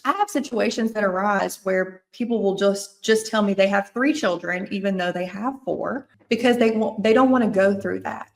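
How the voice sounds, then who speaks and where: A woman's voice: medium pitch, moderate pace, gravelly, hardly any pauses. A woman with a Mississippi accent, an attorney on a podcast, explaining estate planning in an earnest, thorough way and often restating her points.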